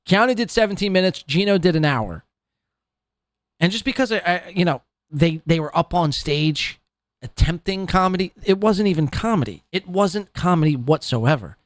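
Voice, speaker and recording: A man's voice: high voice, expressive, moderate pace, no room sound, clean studio sound. A man hosting a podcast who rants in a profane, scornful, rambling way about people he covers. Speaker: podcast host. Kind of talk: ranting commentary.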